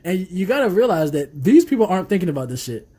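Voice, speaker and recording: A man's voice: high voice, very animated, fast, mellow, breathy edge. A man, co-hosting a podcast in casual, laid-back chat full of swearing and laughter. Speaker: podcast co-host.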